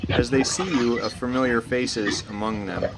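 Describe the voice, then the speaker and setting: A man narrating a tabletop role-playing game as dungeon master, pausing often with uh and restarts. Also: medium pitch. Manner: hesitant, many uh fillers, laughs at odd names. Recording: noisy online voice chat.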